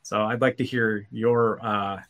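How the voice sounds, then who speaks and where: A man's voice: on the low side, little pitch movement, a little slow, a bit bright. A man co-hosting a tech podcast in casual chat, rambling with many restarts and fillers. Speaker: podcast co-host.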